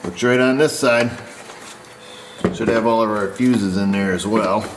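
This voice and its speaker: An auto technician with a fairly low, steady voice speaks at a measured pace against a noisy background. Easygoing, he talks to himself through a repair while inspecting parts in a shop.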